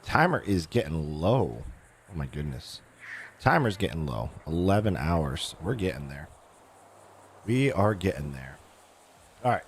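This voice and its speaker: A hoarse man with a very low voice, chatting loosely to his stream audience and stopping often to restart his sentences. Faint noise sits under the recording. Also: very animated, measured pace, pauses often. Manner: rambling, with many fillers and restarts. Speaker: game streamer. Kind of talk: casual live-stream chat.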